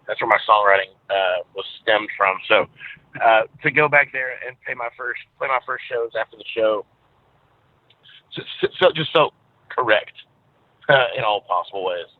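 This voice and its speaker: A man from Texas with a Southern drawl, chatting as an interview guest. He tells stories in a relaxed way with plenty of uhs. His voice comes through a thin, tinny phone line with a dry, close sound. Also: on the low side, normal speed, no room sound. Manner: easygoing storyteller, many filler uhs. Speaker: guest musician. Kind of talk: casual interview over the phone.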